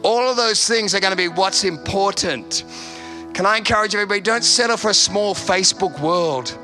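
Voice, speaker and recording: A man's voice: high voice, a little fast, over music. A man preaching a sermon as a pastor, emphatic and repeating his key phrases.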